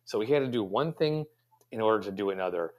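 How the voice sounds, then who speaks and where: A man's voice: fairly low pitch, expressive, fast. A middle-aged man, a pastry chef guest, answering interview questions in a rambling, reflective way with many fillers and restarts.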